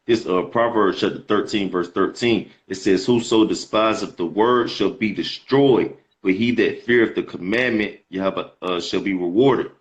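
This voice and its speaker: Deep-voiced man preaching casually. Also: moderate pace, few pauses. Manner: slangy, repeats words while reading. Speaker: preacher in a scripture debate. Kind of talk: casual preaching with scripture reading.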